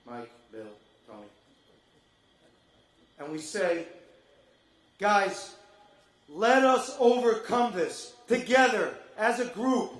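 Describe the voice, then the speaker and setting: A man giving an impassioned fundraising speech to an audience, building up to shouted appeals. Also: high voice, big pitch swings, slow, long pauses. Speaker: speaker at a charity fundraiser. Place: event room with an audience. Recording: echoey hall.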